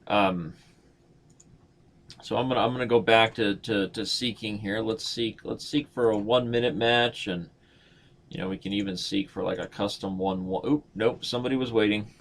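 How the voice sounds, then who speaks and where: A man's voice: fairly low pitch, fairly even intonation, normal speed. A man in his thirties giving casual, joking live-stream commentary as he plays, thinking aloud and mocking his own moves. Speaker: chess streamer.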